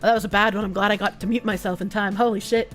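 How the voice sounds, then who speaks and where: A woman streamer with a rough throat, reading chat and news aloud with blunt, sarcastic asides and frequent swearing. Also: medium pitch, steady tone, very fast, faint music behind. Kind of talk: casual livestream chat reading donations.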